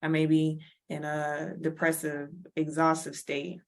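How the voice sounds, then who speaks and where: Woman with a low voice giving a chill workshop talk, chatty, laughs a lot. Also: monotone, measured pace. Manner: chatty, laughs often, acts out little quoted scenes. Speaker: wellness workshop presenter. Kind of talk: casual lecture.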